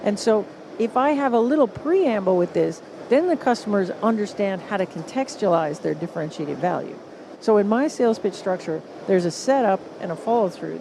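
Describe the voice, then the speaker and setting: A woman with a Canadian accent, a guest on a live podcast at a conference stage, explaining with lively acted-out quotes. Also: medium pitch, background noise. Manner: animated, acts out what others say. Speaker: guest author.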